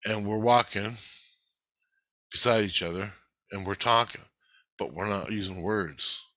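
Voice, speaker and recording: Agitated, swearing man with a bright, lower voice. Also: measured pace, no room sound. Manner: heavy swearing, agitated and rambling. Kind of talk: casual spoken monologue recounting a spiritual experience.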